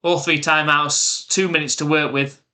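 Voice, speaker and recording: A man's voice: a little high, flat delivery, moderate pace, pushed and bright. A man with an English accent from the UK, giving live play-by-play commentary and chatting casually with stream viewers.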